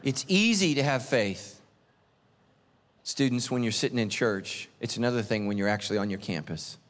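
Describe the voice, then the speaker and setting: A middle-aged man preaching a sermon, telling stories with lively, animated delivery and acting out voices. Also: moderate pace. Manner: animated storytelling, acts out voices, big pitch swings. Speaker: pastor. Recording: long reverb of a large hall.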